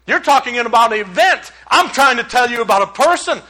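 A man voicing Jesus as an earnest teacher who gently corrects a grieving woman, within a sermon. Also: extremely high pitch, animated, brisk, heavily acted. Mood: insistent.

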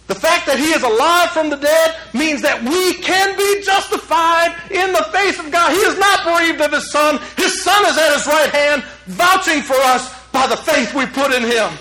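A man preaching a sermon as a pastor, swinging from loud urgent peaks to hushed low passages. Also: normal speed, echoey room, rough recording.

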